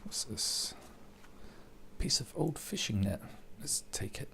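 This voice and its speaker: A man's voice: mid-range voice, lively intonation, slow, gravelly, bright, forceful tone, slight background noise. A man in his forties casually commentating a horror game while tipsy, with laid-back, mumbling asides. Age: 40s. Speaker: gaming channel host. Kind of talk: casual let's play commentary.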